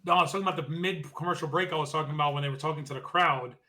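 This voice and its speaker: A man's voice: fairly high pitch, crowd noise. A man co-hosting a podcast, recapping a wrestling show in casual chat, rambling and quoting the wrestlers. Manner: rambling recap, quick asides, mock-quotes wrestlers. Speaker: podcast co-host.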